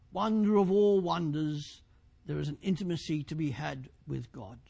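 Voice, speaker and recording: A middle-aged male preacher with a high voice that has a gravelly, creaky edge. He delivers a fervent sermon and keeps asking his listeners questions. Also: darkish tone.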